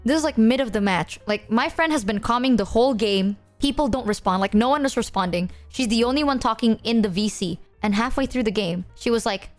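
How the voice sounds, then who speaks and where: A woman's voice: a little high, a little fast, hardly any pauses, faint music behind. A young adult woman streamer rambling through game stories with slang and swearing. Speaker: VTuber streamer. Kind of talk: casual storytelling about games.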